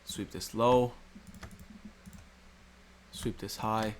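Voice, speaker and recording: A trading educator walks through a chart in a screen recording, posing rhetorical questions and repeating key points. He speaks extremely slowly in a fairly low, fairly even voice, with a little hiss or hum in the audio.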